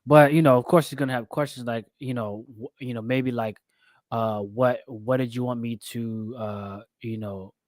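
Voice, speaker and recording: A man's voice: medium pitch, fairly even intonation, normal speed, darkish tone, no echo. A man co-hosting a casual podcast, talking earnestly and often stammering and repeating words. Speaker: co-host.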